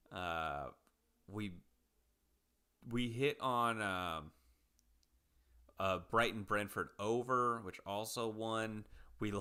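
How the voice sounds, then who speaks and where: A man co-hosting a podcast, chatting casually about soccer picks and betting odds, relaxed and rambling with fillers. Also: fairly low pitch, clean tone. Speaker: podcast co-host. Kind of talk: casual sports betting chat.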